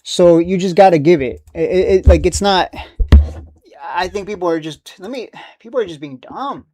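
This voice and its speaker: A man's voice: high-pitched, normal speed, mellow, soft background music. A man giving casual live-stream commentary on stocks, rambling and profane, dismissive, with frequent restarts.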